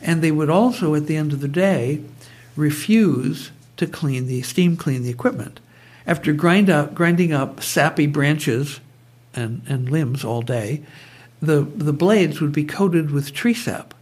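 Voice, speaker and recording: A man's voice: a little high, measured pace, a little mellow, husky. A man guest telling stories in conversation, digressive and prone to tangents. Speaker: guest, brainwave trainer. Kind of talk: conversational storytelling.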